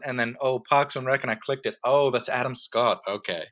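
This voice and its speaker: A man's voice: medium pitch, fairly even intonation, fairly quick, fairly bright tone. A man co-hosting a casual podcast, speaking hesitantly with frequent ums and restarts. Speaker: podcast co-host. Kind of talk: casual chat.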